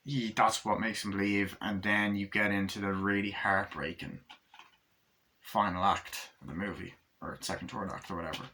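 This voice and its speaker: A man's voice: fairly low pitch, fairly even intonation, moderate pace, bright, forceful tone. A man giving a casual, rambling movie review, swearing often and acting out lines from the film. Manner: rambling and profane, full of fillers and acted-out quotes.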